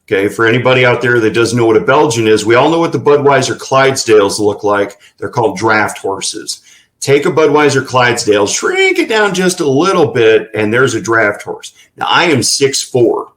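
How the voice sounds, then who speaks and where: A man's voice: mid-range voice, a little fast, a bit bright, rough recording. A man telling folksy anecdotes in a casual interview, with plenty of fillers. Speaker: ranch representative.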